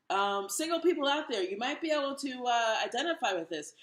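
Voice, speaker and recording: A woman's voice: high voice, lively intonation, brisk, few pauses, fairly bright tone, echoey room. A woman in her thirties doing a wry, self-mocking stand-up comedy set. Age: 30s.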